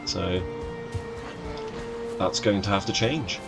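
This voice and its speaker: A man's voice: low voice, slow, creaky, over music. A young man chatting casually to his live chat as he streams a game, greeting viewers by name and joking around.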